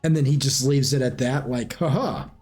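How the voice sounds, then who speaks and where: A man narrating a tabletop game as game master, in casual, lively storytelling. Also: mid-range voice, a little fast, faint music behind.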